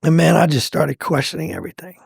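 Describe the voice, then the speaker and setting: A middle-aged man telling his own faith testimony in a conversational, animated way, acting out what people said. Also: quick pace, gravelly, husky, no room sound, studio quality. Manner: animated, acts out quoted lines with pitch jumps. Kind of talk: conversational storytelling.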